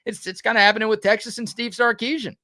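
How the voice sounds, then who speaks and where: A man hosting a live sports talk show, bantering in an animated, jokey way. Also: sits high, fast talker, no room sound, studio quality.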